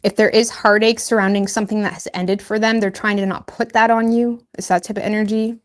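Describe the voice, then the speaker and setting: A woman's voice: medium pitch, little pitch movement, brisk. A woman giving a casual tarot reading, chatty and loose, laughing at herself and filling her talk with "like" and "you know". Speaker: tarot reader.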